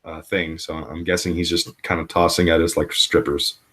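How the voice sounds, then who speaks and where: A man co-hosting a livestream, trading crude jokes and laughing loudly. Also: deep voice, level tone, normal speed. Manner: profane, joking, laughs loudly. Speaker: stream co-host. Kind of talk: crude casual banter.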